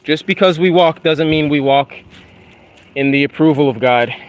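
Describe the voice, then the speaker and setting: A young YouTuber walks a wooded trail outdoors, talking casually about faith in a fairly high voice at a moderate pace, with a clean tone. He's laid-back and full of slang, saying "dude" and "bro" a lot.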